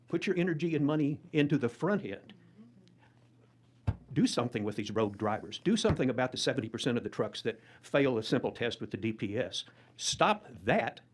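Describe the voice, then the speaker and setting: A man's voice: medium pitch, a little hiss or hum. A man hosting a livestream as a lawyer, commenting bluntly and wryly. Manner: blunt, wry. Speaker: trial lawyer, livestream host.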